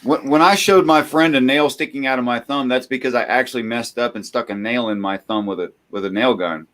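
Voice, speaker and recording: A man's voice: medium pitch, brisk, fairly bright tone. Guy making wry jokes, normal middle voice. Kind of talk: casual chat.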